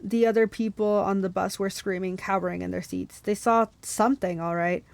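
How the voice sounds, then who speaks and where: A woman's voice: medium pitch, normal speed, vocal fry, no room sound. Young woman reading a novel aloud. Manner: lively reading with laughs and asides. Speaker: book club host.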